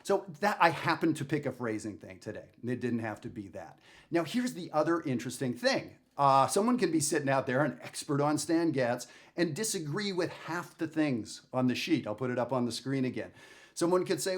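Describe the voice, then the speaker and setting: A man talking through a jazz lesson on camera, chatty and self-deprecating. He thinks aloud and throws out rhetorical questions at a middle pitch. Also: animated, normal speed. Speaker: jazz saxophone teacher. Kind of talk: casual video lesson.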